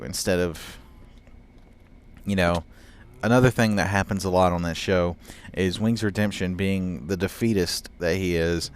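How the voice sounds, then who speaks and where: Young male gaming YouTuber, low smooth voice, loose rambling delivery with fillers. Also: moderate pace. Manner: rambling, frequent fillers and laughs. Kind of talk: casual rambling commentary over gameplay.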